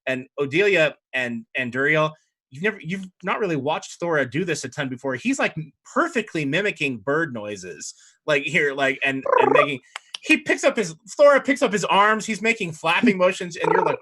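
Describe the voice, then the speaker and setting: A man's voice: fairly high pitch, very animated, normal speed, pushed and bright. A man narrating as dungeon master in a loose, rambling way full of fillers. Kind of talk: narrating a tabletop game.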